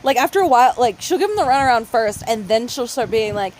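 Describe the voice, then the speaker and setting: A woman's voice: on the high side, animated, quick pace, darkish tone, slight background noise. A woman co-hosting a podcast in casual chat, swearing freely, laughing often and acting out the people in her stories. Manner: profane, laughing storyteller who acts out voices. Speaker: podcast co-host.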